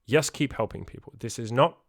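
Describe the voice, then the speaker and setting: A man hosts a self-improvement podcast in a loose, unscripted monologue. He is blunt and swears freely, and he repeats words to drive a point home. His voice sits at an ordinary male pitch and sounds dry and close to the mic. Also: a little fast, no echo.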